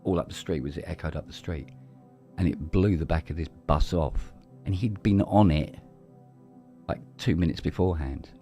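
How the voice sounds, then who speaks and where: A middle-aged man talks in casual podcast chat, his voice low and mellow. He tells stories loosely, swearing freely and restarting sentences. Faint music plays behind him. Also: normal speed. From London, England. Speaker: podcast co-host.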